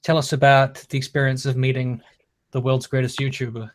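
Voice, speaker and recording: A man's voice: medium pitch, little pitch movement, a little fast. A man hosting a casual video-call chat with guests, teasing and joking with them as he goes. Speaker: host.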